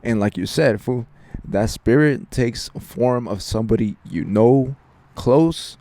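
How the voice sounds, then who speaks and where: A man's voice: medium pitch, takes it slowly, mellow, dry recording. A young man casually telling a spooky story on a podcast, slangy and profane, tossing in "fool" every few words. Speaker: podcast co-host.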